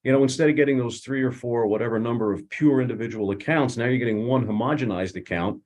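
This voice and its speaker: A man's voice: mid-range voice, quick pace, a little mellow. A man, an attorney co-hosting a casual legal discussion, talking conversationally with many fillers. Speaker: attorney and co-host.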